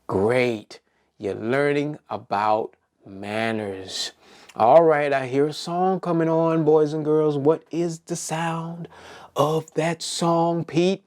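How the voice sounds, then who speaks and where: Very slow, low, lively woman teacher. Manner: sing-song, coaxing, asks children questions. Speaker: preschool circle time teacher. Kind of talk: children's circle-time lesson.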